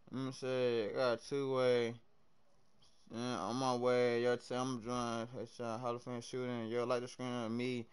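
With a smooth, mid-range voice, a young Southern man chats with viewers while streaming a game live. He talks in hyped, slang-filled bursts that shift between loud and soft.

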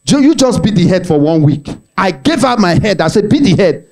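A man's voice: sits high, fairly quick. A Nigerian man with a Nigerian accent doing stand-up, telling a family story and acting out its voices with pidgin mixed in. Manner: animated, mixes in Nigerian pidgin, acts out the voices in his stories. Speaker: stand-up comedian.

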